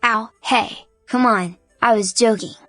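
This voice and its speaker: A woman voicing a cocky, joking female adventurer with a muffled rasp, speaking in a breezy, teasing way. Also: a little high, measured pace, a bit bright, dry recording, faint music behind.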